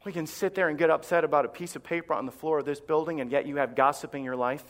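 A male pastor preaching a sermon in a church, impassioned and emphatic with dramatic pauses. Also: a little high, steady tone. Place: church sanctuary. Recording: long reverb of a church hall.

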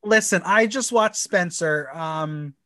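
A man co-hosting a casual podcast, recapping a show with animated, campy, laugh-filled chat. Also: high voice, slow pace, no room sound. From United States. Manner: animated, laughs often, camp and swearing.

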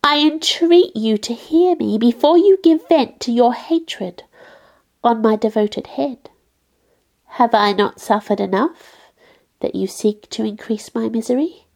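A woman voicing an anguished, towering female creature who is bitter and menacing, in a slow, grave audiobook reading. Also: a little high, creaky, darkish tone. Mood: pleading.

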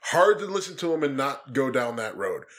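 A man's voice: mid-range voice, very animated, normal speed, fairly bright tone. Man ranting heatedly, swearing freely. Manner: heated, profane ranting with emphatic rises. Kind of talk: casual political chat.

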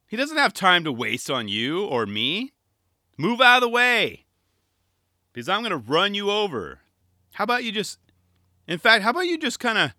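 Animated, bright-voiced man riffing on a skate video. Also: fairly high pitch, dry recording, studio quality. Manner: animated, jokey, trails off into mumbles. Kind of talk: casual video reaction commentary.

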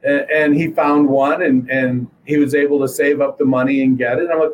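A man's voice: medium pitch, steady tone, brisk, few pauses, slight background noise, poor audio. A middle-aged man telling a long story in casual chat, rambling with fillers and restarts. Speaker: guest.

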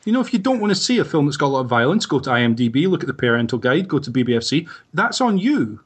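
A man's voice: a little high, very animated, very fast, slightly rough. Earnest man making a point. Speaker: panelist. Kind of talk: casual comedic panel chat.

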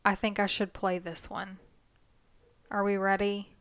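A woman's voice: medium pitch, flat delivery, unhurried, a bit bright, clear, resonant tone. A young woman co-hosting a podcast in casual chat, laughing and teasing. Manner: giggly, teasing. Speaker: podcast co-host.

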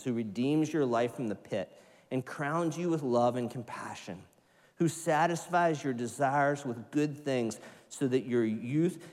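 A man preaching a sermon to his congregation, animated, sometimes putting on excited voices. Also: medium pitch. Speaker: pastor. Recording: church hall reverb.

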